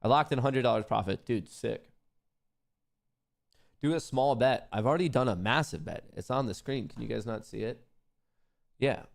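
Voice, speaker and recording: A man's voice: medium pitch, moderate pace, creaky, long pauses. A man hosting a live trading stream, chatting casually to viewers and muttering anxious repeated questions to himself, sometimes dropping to a near whisper. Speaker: livestream host trading stocks.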